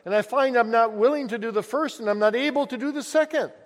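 A preacher putting on a desperate guilt-stricken pilgrim. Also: male voice, very high-pitched, fast, voice pushed up. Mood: fearful. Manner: pleading, desperate outcry. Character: anguished male pilgrim weighed down by guilt. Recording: long echo of a large hall.

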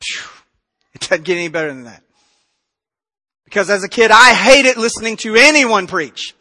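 A pastor preaching a sermon with passion, moving between loud emphasis and quiet intensity. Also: male voice, high voice, expressive, moderate pace. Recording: reverberant hall.

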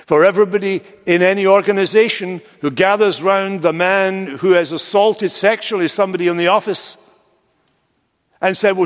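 A male pastor preaching a sermon with expressive delivery, slowing down and lifting his voice for quoted lines. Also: high voice. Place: large church sanctuary. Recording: long church reverb.

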